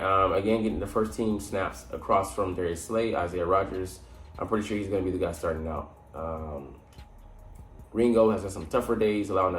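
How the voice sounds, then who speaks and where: A man's voice: deep voice, echoey room. A man giving casual solo sports talk, rambling with many fillers and self-corrections. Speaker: sports commentator.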